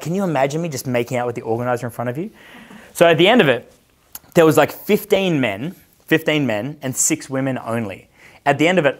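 A man in his thirties with an Australian accent, a dating coach telling a long casual story, swearing constantly and acting out the voices of the people in it. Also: mid-range voice. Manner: profane, animated, acts out quoted voices.

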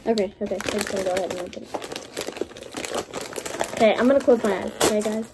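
A young woman vlogging an unboxing, gushing and gasping with excitement as she opens gifts. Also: medium pitch, fast, background noise.

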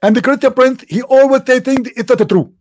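A man with an Arabic accent, not a native English speaker, reads from a screen in a sarcastic, incredulous monologue, mocking what he sees and mimicking sneezes like an online religious commentator. His voice is very high, a little fast and a little mellow, recorded clean in a studio with no room sound.

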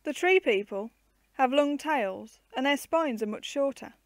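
A woman reading the part of a patient, gently teasing uncle who explains zoo animals to children in a storybook. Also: very high-pitched, lively intonation, unhurried, dry recording, full character voice.

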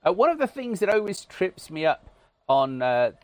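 A man's voice: high voice, very animated, moderate pace, no echo. A British man from the UK giving casual, wry commentary over a video game, self-deprecating and full of "uh" fillers. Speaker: gaming channel host.

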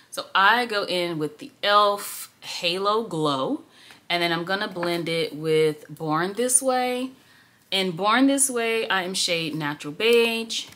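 A young woman in her twenties, a beauty vlogger, has a lowish voice that sounds pushed and bright. She does her makeup while telling a casual get-ready-with-me storytime that's chatty, rambling, and full of "like".

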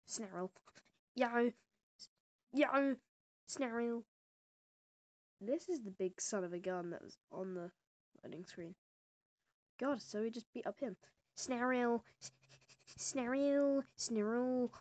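A woman giving casual gameplay commentary, excitable and prone to loud exclamations, with quiet muttered asides. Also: mid-range voice, unhurried, pauses often, no room sound. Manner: excitable, bursts into exclamations and laughs. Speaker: gamer.

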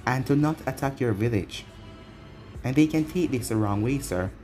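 A man's voice: mid-range voice, lively intonation, moderate pace, a little mellow, soft background music, lightly acted. A man voicing a dutiful, respectful scout. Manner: respectful, formal. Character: dutiful male scout reporting to his leader.

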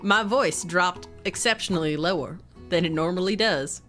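A woman streamer putting on a low, slow, drawling Southern voice as a joke. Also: fairly bright tone, faint music behind, close to an everyday voice. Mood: playful drawl.

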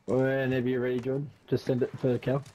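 A man ribbing his teammates over game voice chat with mock drama in a mid-range voice. Clear noise runs behind him. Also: mid-range voice, completely flat delivery, fast talker, warm tone. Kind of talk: casual gaming chat.

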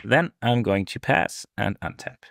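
Casting: man, lower voice, plain matter-of-fact card player, dry sound. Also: lively intonation, measured pace, gravelly, no echo. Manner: matter-of-fact, announces plays. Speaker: player on a card game show. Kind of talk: casual game banter.

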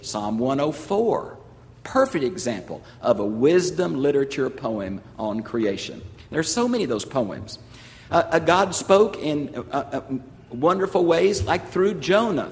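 An older man with a Southern US accent teaching a sermon to a congregation, explaining with emphasis and slowing on key phrases. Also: on the high side. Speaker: pastor and Bible teacher. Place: large church sanctuary. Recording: long hall reverb.

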